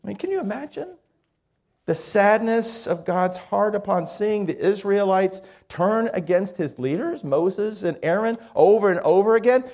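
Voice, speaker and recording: A man's voice: high-pitched, normal speed, hardly any pauses, a little mellow. A man preaching a sermon as pastor, talking in an easy, conversational way and reading quotations aloud.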